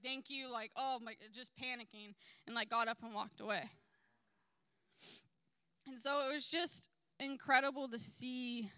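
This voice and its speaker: A young woman shares a personal testimony in a bright, clear voice, acting out conversations with lively quoted dialogue. Her voice sits a little high, and the recording is dry and close with no room sound. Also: no echo. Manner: animated, quotes dialogue with "I was like". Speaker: testimony speaker.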